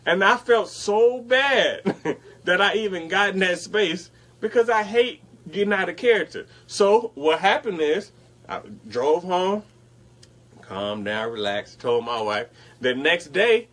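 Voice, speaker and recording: A young man casually telling a story on a talk show and acting out what other people said. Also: a little high. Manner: animated retelling, acts out others' lines. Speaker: podcast co-host.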